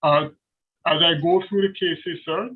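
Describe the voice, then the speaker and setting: A man's voice: fairly high pitch, fairly even intonation, measured pace, husky. A male defence lawyer making formal, deferential courtroom submissions to appeal judges, with frequent hesitations. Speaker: defence counsel. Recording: tinny phone-like remote line.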